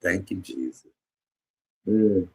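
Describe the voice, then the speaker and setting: A man hosting a livestream, giving an emotional, preacher-like testimony to his viewers, shifting from low murmurs to high exclamations. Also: expressive, takes it slowly, husky. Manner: preacherly, call-and-response to viewers. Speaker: livestream host, comedian.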